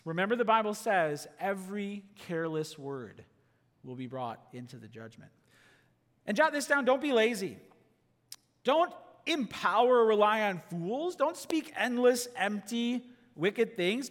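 Male pastor, high and lively voice, preaching with rhetorical questions, long hall reverb. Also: normal speed. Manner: animated preaching, rhetorical questions, drops soft for quoted asides. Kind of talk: sermon. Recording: long echo of a large hall.

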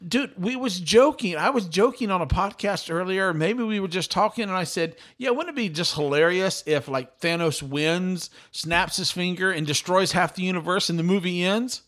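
A middle-aged man hosting a podcast in an animated, talkative way, often repeating and restarting his words. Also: high-pitched, moderate pace, few pauses. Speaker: podcast host. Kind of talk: excited casual chat.

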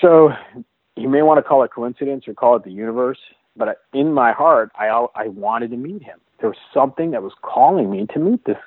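A man telling his own story as an interview guest, earnest and halting, restarting and repeating words as he goes. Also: medium pitch, lively intonation, husky, no echo. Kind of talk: personal storytelling in a conversation. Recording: dry, phone-like narrow sound.

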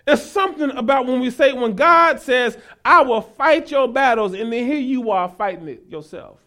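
A male pastor preaching a sermon, mixing folksy asides to the congregation with rising, shouted exhortation. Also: extremely high pitch, lively intonation, normal speed, hardly any pauses. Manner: folksy, talks to the congregation as y'all.

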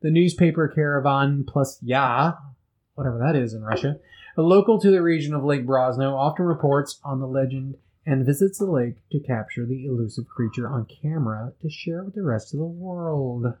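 A man's voice: medium pitch, moderate pace, a little mellow, rough recording. A man co-hosting a casual podcast, reading out folklore news and breaking in with joking asides. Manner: jokey, riffs and interrupts with asides. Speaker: guest co-host.

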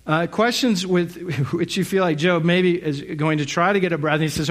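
A man's voice: a little high, normal speed, few pauses. Man preaching a reflective sermon. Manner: reflective, many rhetorical questions and fillers. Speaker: pastor.

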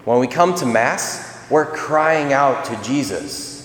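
A man's voice: medium pitch, animated, slow pace, slight background noise. A man preaching a sermon in a casual, conversational way, acting out the voices of people in the story. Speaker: priest. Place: church. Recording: echoey church with long reverb.

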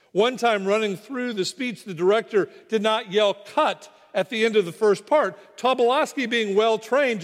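Preacher man in a big reverberant hall. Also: high voice. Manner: dramatic storyteller, dropping to quiet for weight. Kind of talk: sermon storytelling.

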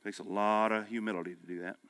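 A man in his fifties preaching a sermon, with punchy exhortation that drops to quiet storytelling. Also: fairly low pitch, fairly even intonation, fast talker, clean tone, no room sound. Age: 50s. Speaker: pastor. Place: breakfast meeting room.

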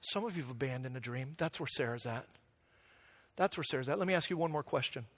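A man's voice: medium pitch, fast, fairly bright tone. A man preaching a conversational sermon, acting out quotes and building in intensity. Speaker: pastor.

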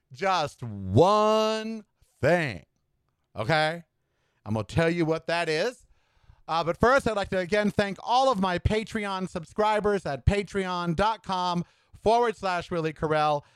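A man's voice: high voice, a little slow, clear, resonant tone, no echo, studio quality. A man hosting his own podcast, delivering sassy, campy political commentary and calling listeners "honey.". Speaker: podcast host. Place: Southwest US home studio.

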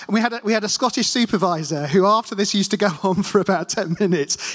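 A man's voice: high-pitched, fast, hardly any pauses. A man preaching a casual sermon, telling self-deprecating stories and asking the congregation questions. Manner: chatty, self-deprecating storyteller, talks to the congregation. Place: church hall. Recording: long hall reverb.

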